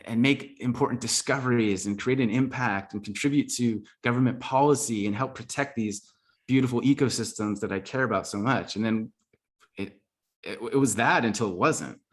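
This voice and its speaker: Speaking at a normal pace in a mid-range voice, a podcast guest recounts his life in a relaxed storytelling interview. His tone is sincere and thoughtful, and fillers like "like" come up constantly.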